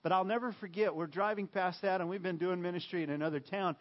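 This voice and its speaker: A man preaching a sermon, emphatic and repetitive, swinging from loud bursts to hushed lines. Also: sits high, steady tone, quick pace, highs cut off. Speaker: pastor.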